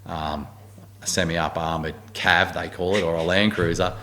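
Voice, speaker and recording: A deep-voiced, middle-aged Australian man, an army warrant officer, tells blunt war stories full of swearing in a casual interview. He speaks at a normal speed and tells them with animation, with slight background noise behind him.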